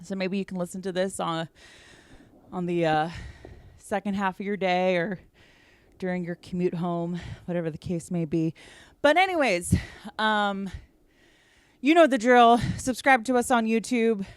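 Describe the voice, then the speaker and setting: Chatty woman podcast host, smooth voice. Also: medium pitch, a little slow, no room sound. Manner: chatty, many fillers. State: out of breath. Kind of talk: casual podcast chat.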